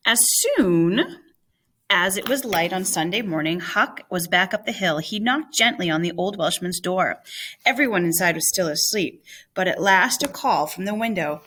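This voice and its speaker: A woman narrating a classic story aloud in a clear, measured reading. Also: mid-range voice, expressive, fairly bright tone. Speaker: reader.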